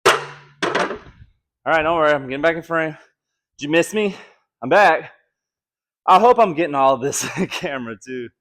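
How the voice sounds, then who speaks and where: A man's voice: fairly high pitch, expressive, moderate pace, pauses often, fairly bright tone. Winded, laid-back young man coaching a workout. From Alabama. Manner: laid-back, joking, counting reps between sets. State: out of breath. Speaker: fitness vlogger. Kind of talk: casual workout follow-along chat.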